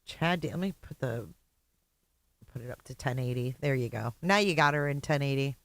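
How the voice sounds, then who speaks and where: A co-host making quick offhand remarks during a live stream. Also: medium pitch, lively intonation, dry recording. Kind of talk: casual chat.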